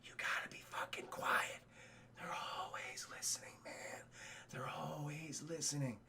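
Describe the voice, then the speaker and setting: A man's voice: high-pitched, sing-song, a little fast, gravelly, heavily acted. A man doing a paranoid, jittery survivor. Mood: whispering. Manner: hushed, urgent, swearing. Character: paranoid stranded male survivor, jittery and crude.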